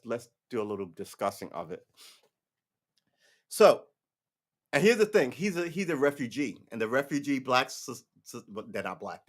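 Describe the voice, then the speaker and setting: A man hosting his own podcast, talking off the cuff in a blunt, rambling way, with frequent restarts and some swearing. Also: medium pitch. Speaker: podcast host. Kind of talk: casual solo livestream commentary.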